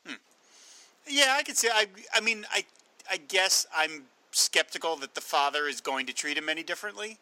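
A man's voice: fairly high pitch, expressive, moderate pace, pushed and bright, low-quality recording. A man giving his opinions on a film podcast in casual talk, hedging with "I mean" and "kind of" as he goes. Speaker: podcast panelist.

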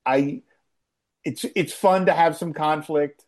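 A podcast co-host chatting casually about a TV episode, laughing often and acting out quoted lines. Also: male voice, a little high, takes it slowly. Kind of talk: casual chat recapping a TV episode.

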